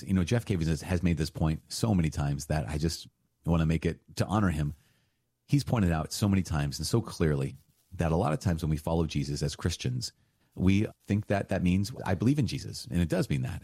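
A man giving a conversational sermon on scripture, animated and emphatic, with laughs and sarcastic asides. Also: low-pitched, slightly rough, no echo, clean studio sound. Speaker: priest teaching on scripture.

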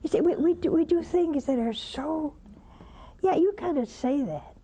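A woman's voice: sits high, lively intonation, normal speed, mellow, a little hiss or hum. An older woman hosting a religious call-in show, preaching emphatically, scolding and mocking. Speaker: religious TV host taking calls.

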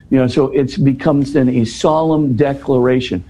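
A man talks through a scripture passage for an interviewer, teaching with animated, explanatory energy. His voice sits at a medium pitch with a warm, mellow tone, and a faint noise runs under the recording. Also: moderate pace, poor audio.

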